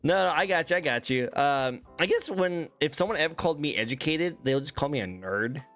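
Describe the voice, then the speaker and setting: A man hosting a relaxed online interview, his pitch rising and falling with animation. He talks in an easygoing, encouraging way over faint background music. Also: brisk. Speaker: interview host. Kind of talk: casual interview chat.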